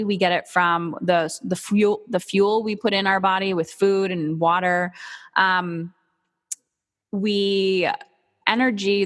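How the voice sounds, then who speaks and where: Emphatic woman speaker in a reverberant hall. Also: mid-range voice. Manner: energetic, emphatic, candid with casual swearing. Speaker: motivational speaker. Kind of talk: motivational talk.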